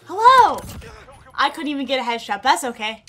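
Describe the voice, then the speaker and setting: A high, bright-voiced woman talks her way through a shooter match, chatty and excitable, with quick gasps and exclamations. Faint game music plays underneath. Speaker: gaming streamer. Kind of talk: live gameplay commentary. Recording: game music and gunfire behind.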